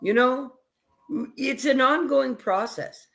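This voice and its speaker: A woman's voice: sits high, slow pace, creaky, fairly bright tone, soft background music. Emphatic, punchy woman host. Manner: emphatic, punchy, blunt, sometimes swears. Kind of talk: casual chat.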